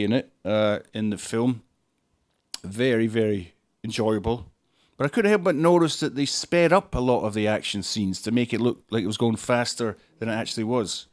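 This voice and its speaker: A man, hosting a podcast and reviewing a film in a dry, sarcastic monologue full of deadpan jokes. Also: lowish voice. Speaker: podcast host.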